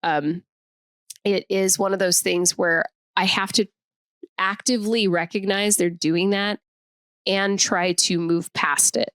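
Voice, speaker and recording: A middle-aged woman co-hosting a podcast, chatting casually and giving measured workplace advice. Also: medium pitch, fairly even intonation, a bit bright, no room sound, studio quality. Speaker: podcast co-host. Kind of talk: casual chat.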